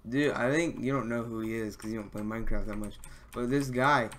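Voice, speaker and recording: Young man, gaming live stream, excitable, swears often, faint keyboard typing. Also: medium pitch, a little fast, slight background noise. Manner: excitable, swears a lot, fanboying. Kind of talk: casual live-stream commentary. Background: keyboard typing and mouse clicks.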